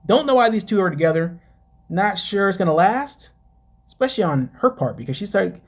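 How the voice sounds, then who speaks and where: Chatty man recapping a show, slightly high voice. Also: expressive, fairly quick. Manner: chatty, laughs at own jokes, addresses listeners as guys. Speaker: podcast host recapping a reality show. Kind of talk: casual recap talk.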